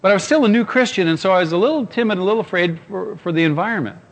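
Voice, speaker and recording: Man, preacher, fairly high voice, storytelling sermon, humorous, addresses the congregation directly. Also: expressive, very fast, creaky. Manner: humorous, anecdotal, speaks straight to the congregation.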